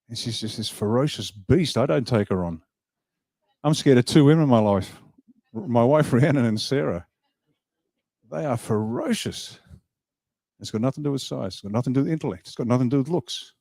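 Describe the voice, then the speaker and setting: Animated man giving a speech. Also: medium pitch, fairly quick, no echo, studio quality. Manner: emphatic, animated, jokes with the crowd. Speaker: party leader giving a speech. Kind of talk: motivational public speech. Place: event hall.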